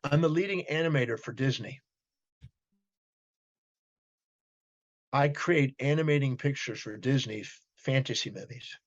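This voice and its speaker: A man voicing a tearful grown man who opens up softly, his words quiet and a touch husky. The recording is slightly muffled and lo-fi. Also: mid-range voice, a little fast, lightly acted. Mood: matter-of-fact.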